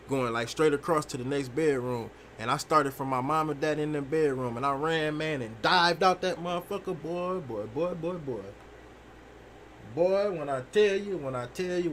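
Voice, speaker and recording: A young man casually telling a rambling, profane story while streaming a game, animated and full of fillers. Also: a little high, slight background noise. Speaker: gaming streamer.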